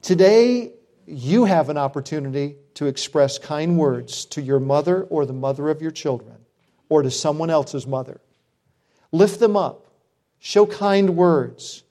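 A man's voice: on the high side, unhurried, warm tone. A middle-aged man preaching a sermon as pastor, earnest, with self-deprecating humor.

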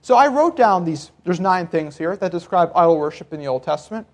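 A man's voice: high-pitched, expressive, fairly quick. A man preaching a sermon in a conversational teaching style, laughing now and then. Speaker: pastor.

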